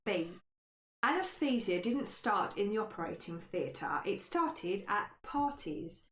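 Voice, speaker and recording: A woman's voice: medium pitch, very animated, takes it slowly, a bit bright. Woman quiz host in an echoey room. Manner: stumbles on hard words. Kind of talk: casual podcast chat, reading quiz questions. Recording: echoey room, faint noise.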